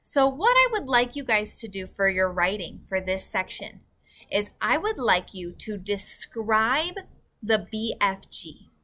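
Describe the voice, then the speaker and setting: A woman teacher reading a children's book aloud to her class, clear and expressive. Her voice is bright and forward, with a mid pitch. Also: a little slow.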